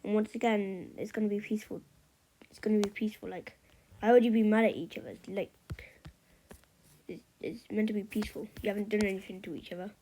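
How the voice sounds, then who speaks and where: A woman's voice: mid-range voice, steady tone, a little fast, long pauses, mellow, slight background noise, rough recording. A woman casually narrating a map scenario, rambling with lots of fillers and offhand remarks. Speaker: map video creator. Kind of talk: casual commentary over a map.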